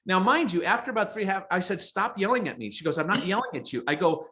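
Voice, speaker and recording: A man's voice: high-pitched, expressive, fast talker, pushed and bright. A man co-hosting a podcast, telling a personal story in a chatty way and often repeating his words. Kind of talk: casual podcast chat.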